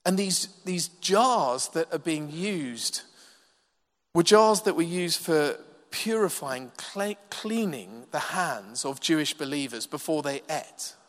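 A man preaching a sermon in a church, measured and emphatic with dramatic pauses. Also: fairly high pitch, lively intonation, fairly bright tone. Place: church hall. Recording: long reverb of a large hall.

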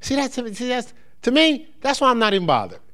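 Lively, animated preacher man. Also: very high voice, fast. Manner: conversational preaching, acts out voices of others. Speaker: pastor. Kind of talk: sermon. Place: church.

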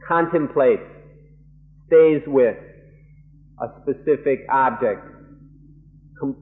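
A male monk interprets a dharma lecture live, working through each idea in short, deliberate phrases with pauses and restarts. He talks very slowly at a middling pitch. The sound is a narrow, muffled archival tape. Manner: measured, halting phrases with frequent pauses and restarts.

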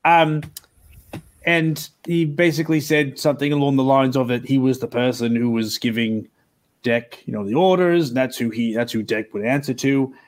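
A man playing a tabletop game who tells his story in a rambling, animated way. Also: medium pitch, normal speed. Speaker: player.

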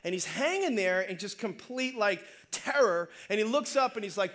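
A man preaching a sermon as pastor, conversational and energetic, calling out to the congregation. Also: high-pitched, moderate pace, hardly any pauses. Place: church.

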